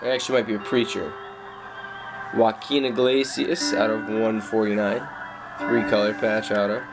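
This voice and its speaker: A young man calmly listing off his trading cards in a casual showcase, with slang and frequent fillers. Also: on the low side, moderate pace, over music. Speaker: card collector.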